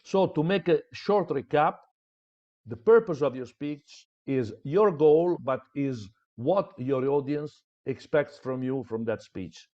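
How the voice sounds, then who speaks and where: A man with a fairly high, lively voice teaches how to build a speech. He leans on his points, often repeating words for emphasis. The sound is dull and lo-fi. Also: takes it slowly. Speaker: public speaking trainer. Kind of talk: training lecture.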